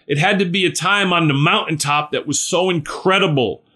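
A man's voice: a little high, moderate pace, sharp tone. A man leading a small-group Bible study, earnest and conversational, often checking in with his listeners.

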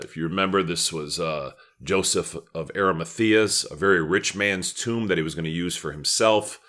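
Male pastor, deep bright voice, casual sermon delivery with prayer asides. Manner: conversational teaching with prayerful asides.

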